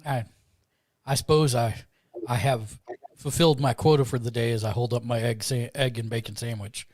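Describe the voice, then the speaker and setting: A man's voice: medium pitch, fairly even intonation, normal speed, a little mellow, dry recording, studio quality. A man playing a tabletop role-playing game, talking in character with a drawling frontier manner. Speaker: player.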